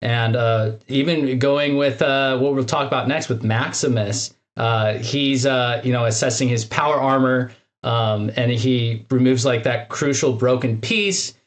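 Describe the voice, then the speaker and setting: A man's voice: medium pitch, fairly even intonation, measured pace. Male podcast co-host, casual and rambling, a mid-range voice. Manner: chatty, lots of "like" and "right?".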